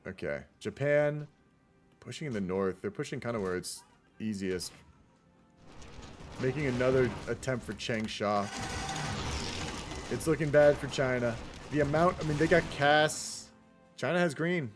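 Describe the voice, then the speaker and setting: A man's voice: medium pitch, measured pace, pauses often, music in the background. A man giving casual, rambling commentary on a strategy game replay and chatting with his viewers. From United States. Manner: rambling, chatty, talks to the chat. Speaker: game caster.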